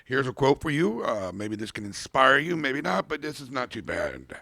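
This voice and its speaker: A man's voice: mid-range voice, big pitch swings, normal speed, gravelly, hardly any pauses, sharp tone, no room sound, clean studio sound. A man co-hosting a casual podcast, reading out calendar quotes in a rambling, self-correcting way and swearing now and then.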